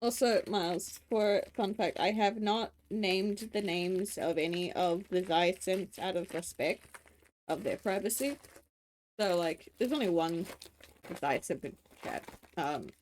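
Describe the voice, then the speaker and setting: A woman's voice: fairly low pitch, a little slow, a little mellow. A woman streaming live from home, chatting casually to her chat while she eats. She laughs often, swears now and then, and talks close to a desk mic. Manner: talking while eating.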